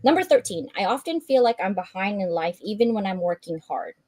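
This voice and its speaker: A woman hosting a live stream, reading out a checklist and chatting in an animated way, laughing often and acting out her own thoughts. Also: mid-range voice, a little fast, dry recording.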